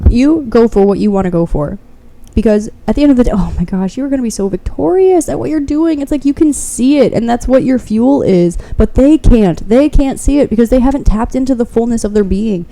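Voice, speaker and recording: A woman gives a pick-a-card tarot reading, speaking straight to the viewer with blunt, fervent encouragement and plenty of swearing. Her voice sits a little high, yet its tone is deeply mellow and dark. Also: expressive, brisk.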